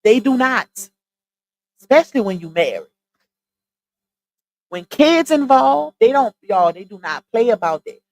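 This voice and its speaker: Southern lady from louisiana, casual live stream chat, slightly high voice, boom arm mic. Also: sing-song, unhurried, long pauses, low-quality recording. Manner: chatty, talks straight to her viewers. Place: home streaming setup. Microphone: side-mounted boom arm mic.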